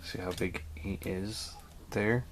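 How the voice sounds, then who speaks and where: A man with a fairly low voice reviews a toy for his vlog, stopping often with ums and uhs as he chats along. His talk is relaxed and unscripted. Steady background noise sits under the recording. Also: slow pace.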